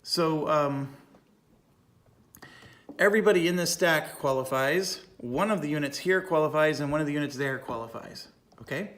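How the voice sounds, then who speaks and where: Man in a slightly higher register, talking through a solo board game and reading rules aloud, with a slight cough. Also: normal speed, a bit bright.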